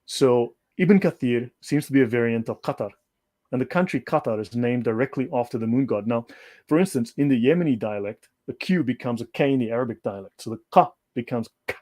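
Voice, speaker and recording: A man's voice: mid-range voice, a little fast, dark tone. Guest on a livestream: an emphatic man who lectures and circles back to repeat his points, mid-range voice. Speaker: guest speaker. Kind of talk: livestream discussion.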